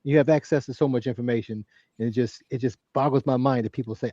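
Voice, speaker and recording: Co-host, male, earnest and halting, mellow dark tone, dull lo-fi mic. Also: mid-range voice, fairly even intonation, no room sound. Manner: earnest, repeats words and restarts often. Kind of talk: casual podcast chat.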